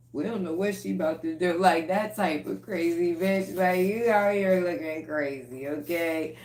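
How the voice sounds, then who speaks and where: A woman's voice: on the low side, measured pace, hardly any pauses, a little mellow, roomy sound. A woman giving a casual tarot collective reading, blunt and profane, breaking into laughter often. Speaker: tarot reader.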